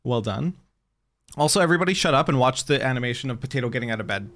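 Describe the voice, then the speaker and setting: Excitable man streaming a game. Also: medium pitch, rapid-fire, a little hiss or hum. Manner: excitable, gushing, talks to chat. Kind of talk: casual game stream chat.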